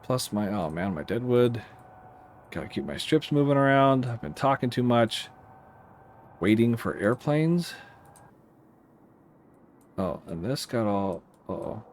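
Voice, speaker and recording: A man who works as an air traffic controller, rambling casually while playing a simulator and breaking off to give crisp radio calls. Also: medium pitch, sing-song, measured pace, long pauses. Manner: rambling, self-interrupting, gives radio calls mid-chat. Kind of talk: casual gameplay commentary.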